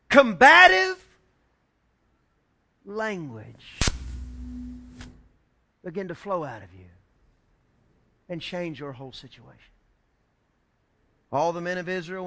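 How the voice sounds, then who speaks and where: A male pastor preaching a sermon, emphatic and joking, building up to shouted lines. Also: sits high.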